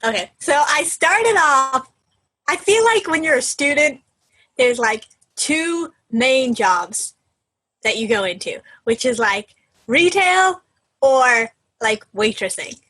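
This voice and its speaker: A young woman co-hosting a podcast in casual chat, laughing often and trailing off softly at the ends of lines. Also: high-pitched, sing-song, slow, rough recording. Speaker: podcast co-host.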